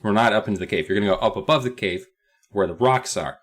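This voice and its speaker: A man's voice: fairly low pitch, quick pace, pitched below the performer's own voice, close to an everyday voice. A man voicing a scheming boy who lays out a sneaky plan in a bossy, explaining way.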